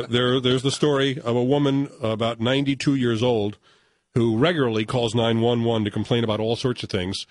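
A man's voice: medium pitch, dry recording. An older man hosting a radio show, telling stories in casual banter and chuckling as he puts on voices for callers. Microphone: studio microphone.

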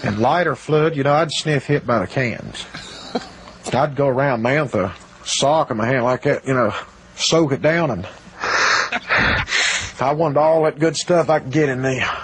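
A man telling rough stories from his past in a rambling, colloquial way, played from a documentary. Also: mid-range voice, moderate pace, long pauses, a little hiss or hum. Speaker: documentary interviewee.

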